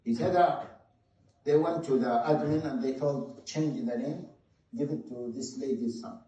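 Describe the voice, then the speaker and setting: A man preaching a sermon, telling a story with passion, shifting between loud stresses and hushed moments. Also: mid-range voice, moderate pace. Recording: very echoey hall, mic at a distance.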